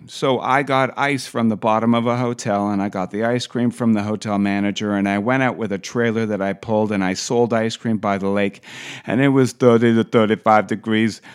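A man putting on an Austrian-accented older strongman who slowly over-explains everything. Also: on the low side, steady tone, clear, resonant tone, lightly acted. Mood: boastful. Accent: Austrian German. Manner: loud, slow, over-explaining. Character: boastful older Austrian strongman, long-winded.

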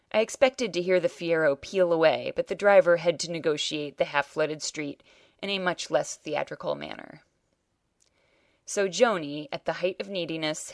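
Low-voiced woman reading a story. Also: dry recording. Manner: dry, wry storytelling. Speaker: reader. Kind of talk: first-person short story reading.

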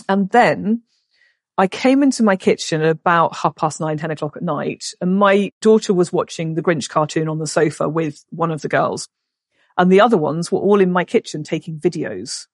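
A woman's voice: mid-range voice, no room sound, clean studio sound. A middle-aged woman, a podcast guest who tells a story and acts out the voices in it. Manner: animated, acts out the voices in her stories.

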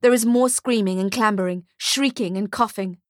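A woman narrating an audiobook short story in a steady storytelling manner, close to the mic. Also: mid-range voice, moderate pace, hardly any pauses, no room sound. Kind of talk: scripted narration.

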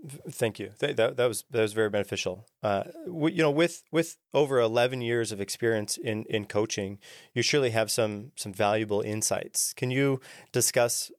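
A man hosting a podcast, asking questions in a halting, stammering way. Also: lowish voice, dry recording, clean studio sound. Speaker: podcast host. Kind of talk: interview questions.

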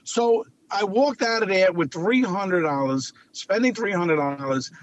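A man, a clown telling lively stories as an interview guest and repeating phrases for emphasis. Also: high-pitched, measured pace. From Long Island, New York. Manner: animated anecdotal storyteller, repeats phrases for emphasis. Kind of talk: casual storytelling interview. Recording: dull lo-fi audio.

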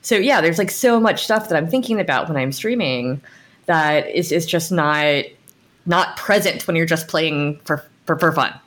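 A woman's voice: low voice, moderate pace, fairly bright tone. An American woman co-hosting a podcast, chatting casually with frequent restarts and laughs. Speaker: podcast co-host, game designer. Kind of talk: casual chat.

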